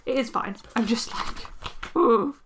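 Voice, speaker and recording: A woman's voice: fairly high pitch, normal speed, background noise. A woman chatting casually as she decorates her planner, rambling and poking fun at herself. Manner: chatty, self-deprecating, rambling with fillers. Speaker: planner vlogger. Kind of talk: casual chatty narration while crafting.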